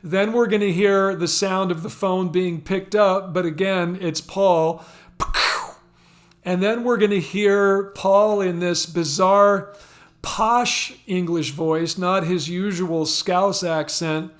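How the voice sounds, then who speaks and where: A man's voice: high voice, steady tone, slow. A man hosting a music channel, talking casually and with amusement about odd hit songs. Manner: chatty and amused, laughing often. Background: faint music from the song being discussed.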